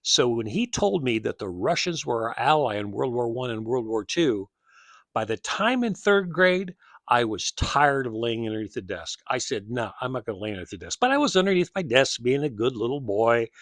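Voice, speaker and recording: Animated older man telling stories. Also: mid-range voice, normal speed, no echo. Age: 70s. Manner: rambling, animated, acts out remembered dialogue. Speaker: host. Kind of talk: personal storytelling monologue.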